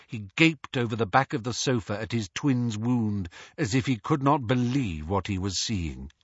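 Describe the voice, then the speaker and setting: Male audiobook narrator, slow and expressive; husky, dull lo-fi audio. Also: lowish voice, no echo. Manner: expressive storyteller.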